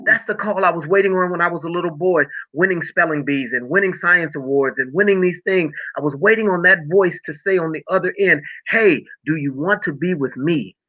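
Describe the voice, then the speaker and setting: A man's voice: high voice, fairly quick, hardly any pauses. A middle-aged man telling a personal story of faith and healing in a podcast conversation, emotional and preacher-like. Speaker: podcast guest. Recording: tinny phone-like audio.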